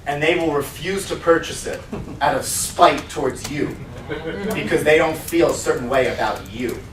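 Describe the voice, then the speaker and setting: A man training salespeople at a seminar, talking in a lively way and acting out demo scenes. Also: on the high side, normal speed. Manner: lively, acts out scenes in put-on voices. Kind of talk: animated seminar teaching. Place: seminar room. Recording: roomy sound from a distant mic with faint noise.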